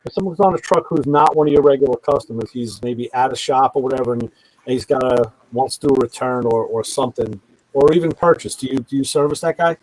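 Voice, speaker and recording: A man hosting a live show, chatting casually and asking animated questions. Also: mid-range voice, fast, rough recording. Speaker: host.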